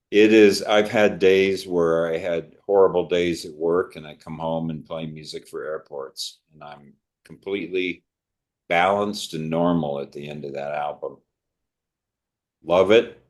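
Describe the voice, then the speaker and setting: An older man with a very deep, steady voice co-hosts a podcast, chatting unhurriedly about music. He's talkative and reflective, drifting through his thoughts conversationally.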